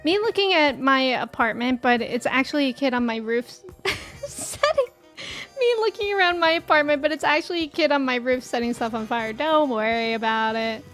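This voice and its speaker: A young woman streaming a game live, chatting to her viewers, excitable and quick to shriek or laugh when startled. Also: high-pitched. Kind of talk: live gameplay commentary. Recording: game music playing underneath. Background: faint game music.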